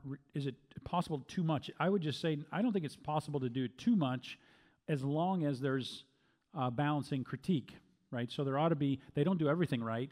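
A middle-aged man answering questions as a pastor, speaking calmly and measuredly, with frequent restarts. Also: mid-range voice. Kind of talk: Q&A teaching talk.

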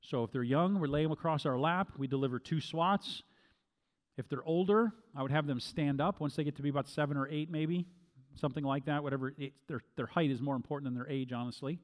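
A middle-aged man giving Bible-based teaching, speaking deliberately and repeating key phrases for emphasis. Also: on the high side. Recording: long hall reverb.

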